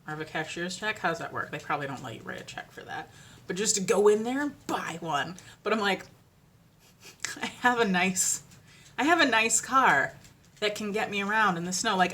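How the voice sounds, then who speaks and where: A woman's voice: mid-range voice, sharp tone. A woman vlogging from home in a casual, rambling chat, with lots of "like" and laughter. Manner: chatty and rambling, with many fillers and laughs. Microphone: ring-lit camera.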